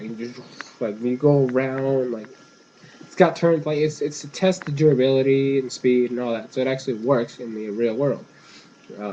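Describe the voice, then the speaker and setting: A young man talks through an episode in a loose, rambling recap, drifting off track and doubling back. His voice sits at an ordinary middle pitch. The recording is dull and lo-fi, with a faint hiss underneath. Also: darkish tone. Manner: rambling, meandering, casual. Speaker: episode reviewer.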